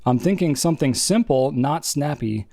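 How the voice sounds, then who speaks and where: A man's voice: on the high side, lively intonation, moderate pace, mellow, no echo, studio quality. A man co-hosting a podcast, chatting casually and thinking aloud with frequent restarts. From New England. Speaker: podcast co-host. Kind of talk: casual chat.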